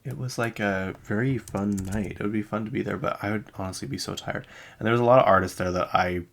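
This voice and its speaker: A man with a very low voice and a gravelly edge, hosting a podcast in a casual chat. He rambles through the news, wanders into asides and corrects himself as he goes. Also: fairly even intonation, quick pace, slight background noise. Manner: chatty and rambling, with many asides and self-corrections. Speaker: podcast host. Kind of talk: casual chat about pop music news. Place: lives in Utah.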